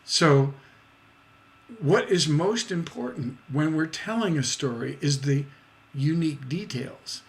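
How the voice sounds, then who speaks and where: A man teaching a songwriting lesson on a livestream, explaining slowly and scatting rhythms and singing short snippets to show his points. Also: fairly high pitch, expressive. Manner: scats rhythms and sings snippets to demonstrate; slow, deliberate explaining.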